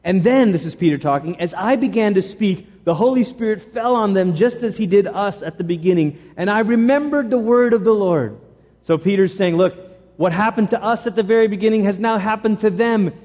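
A man preaching a sermon to his church, animated and repeating phrases for emphasis. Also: sits high, brisk, long reverb tail. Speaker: pastor.

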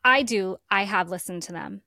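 A woman's voice: medium pitch, moderate pace, creaky, bright, forceful tone, dry recording, studio quality. A woman co-hosting a casual podcast, earnest and rambling, talking with feeling. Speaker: podcast co-host. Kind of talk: casual chat.

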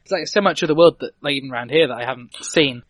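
English young podcast co-host, fast talker with a somewhat high voice, dry close sound, keen and stammery. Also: male voice, fairly bright tone, no room sound. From England. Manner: enthusiastic, talkative with stammered restarts. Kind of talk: casual chat.

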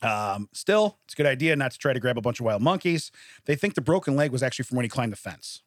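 A man hosts a casual news-story chat, breaking into laughter between lines. His pitch swings widely as he tells each tale. The recording is dry and close. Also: fast talker, dry recording. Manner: laughs often, animated storytelling. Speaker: podcast co-host. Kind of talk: casual chat, reading odd news stories.

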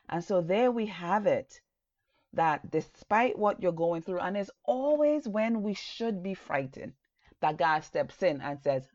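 A woman's voice: medium pitch, animated, unhurried, a little mellow, no echo, muffled recording. A woman giving an earnest, encouraging sermon in a loose conversational way, with many fillers. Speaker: preacher.

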